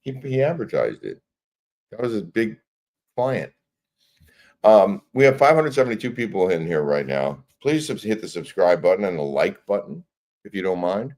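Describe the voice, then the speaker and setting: A man with a very deep voice chats casually on a live stream. He tells a funny story in a dry, wry way. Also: very animated, normal speed, darkish tone. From United States. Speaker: co-host.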